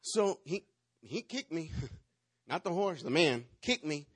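A man's voice: fairly high pitch, animated, takes it slowly, husky. A man preaching a sermon, telling a playful, dramatic story and acting out the parts. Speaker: pastor.

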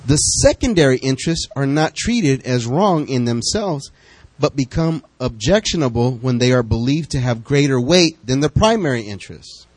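A man preaching a sermon, talking straight to his congregation and bouncing between calm teaching and excited bursts. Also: moderate pace, few pauses, no echo, poor audio. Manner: lively, talks to the congregation directly; pitch jumps up high when excited.

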